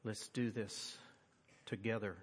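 A middle-aged man preaching a sermon, swinging from loud, high-pitched emphasis to quiet, earnest tones. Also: steady tone, slow pace, slightly rough. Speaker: pastor. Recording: long hall reverb.

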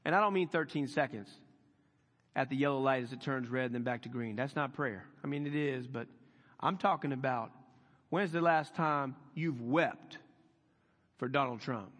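High-voiced man preaching in a hall. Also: fairly bright tone. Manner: folksy, conversational preaching with emphatic swells. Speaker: pastor. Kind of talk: sermon.

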